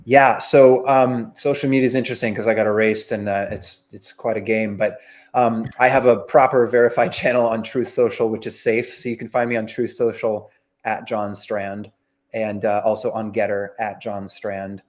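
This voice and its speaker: Guy being interviewed, low voice, heartfelt, lots of ums. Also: level tone, moderate pace. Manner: heartfelt, plain-spoken, with fillers. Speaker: interview guest. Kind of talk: candid conversation.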